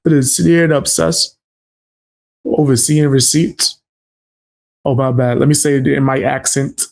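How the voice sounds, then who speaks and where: A man's voice: medium pitch, level tone, unhurried, creaky, a little mellow. A man doing casual reaction commentary, blunt and scoffing, full of slang.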